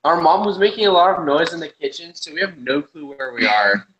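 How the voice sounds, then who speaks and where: A man's voice: a little high, fairly quick, fairly bright tone, a little hiss or hum. A student answering his teacher casually in an online class. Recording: dull lo-fi audio from a distance.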